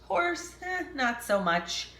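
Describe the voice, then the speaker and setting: Brief: a bright, unhurried woman reading a children's story with playful asides. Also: sits high, echoey room. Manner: expressive, chatty asides. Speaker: storybook reader.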